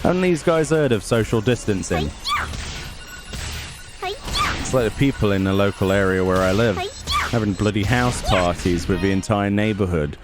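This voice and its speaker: A man chats through a game in a relaxed, sarcastic way, muttering complaints at characters on screen. His voice sits fairly low yet swings widely in pitch. Game music plays clearly underneath him. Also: normal speed, pauses often. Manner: sarcastic, grumbling asides. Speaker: gaming YouTuber. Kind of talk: casual let's play commentary.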